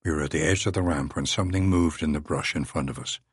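A man giving a measured, dry first-person audiobook narration into a close studio mic. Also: very deep voice, breathy edge, dry recording.

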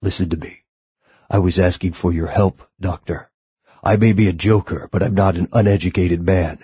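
A man doing a low, formal maître d'. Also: steady tone, normal speed, warm tone, breathy edge, dry recording. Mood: urgent, stern. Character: educated, dignified male maître d', quietly stern.

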